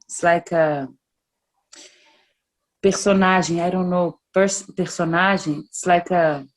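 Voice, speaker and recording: Speaking slowly and haltingly, a musician whose native language is Portuguese gropes for English words in a relaxed interview. She is frank, and her fairly low voice keeps a steady tone.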